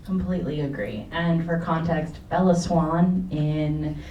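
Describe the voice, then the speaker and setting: A woman's voice: deep voice, measured pace, dull audio, a little hiss or hum. A woman moderating a panel discussion after a film screening, casual and upbeat as she reads out prompts. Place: cinema auditorium. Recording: echoey cinema, distant mic.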